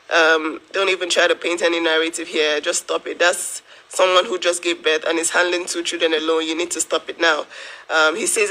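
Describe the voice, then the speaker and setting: A woman's voice: on the low side, steady tone, normal speed, pushed and bright, poor audio. A woman from Africa who works as a nurse, talking straight to camera in an indignant, emphatic way and repeating herself for stress. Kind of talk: direct-to-camera vlog.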